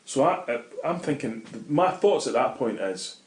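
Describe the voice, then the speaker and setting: A man's voice: mid-range voice, big pitch swings, normal speed, darkish tone. A middle-aged Scottish man telling a vivid, swear-laden story as an interview guest in casual talk. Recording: roomy echoey room.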